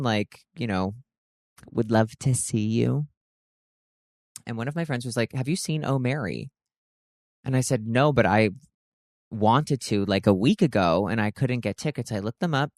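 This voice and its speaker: A man's voice: medium pitch, dry recording, studio quality. A man hosting a casual vlog, chatting and gushing with lots of filler words. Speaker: vlog host.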